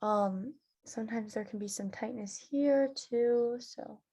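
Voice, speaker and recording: Woman teaching theatre warm-ups, higher voice. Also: slow pace. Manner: instructive, filler-heavy, with loud vocal demonstrations. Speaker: drama teacher. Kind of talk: leading theatre warm-up exercises.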